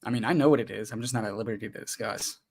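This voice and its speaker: A man guesting on a podcast, telling stories in an animated, joking way. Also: on the low side, very fast, slightly rough. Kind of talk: casual comedic chat.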